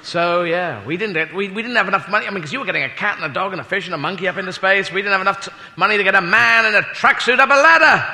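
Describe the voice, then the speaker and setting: A man's voice: sits high, rapid-fire, few pauses. A man doing stand-up comedy, rambling and self-mocking, with sweary asides. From Britain. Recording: reverberant hall with loud crowd noise.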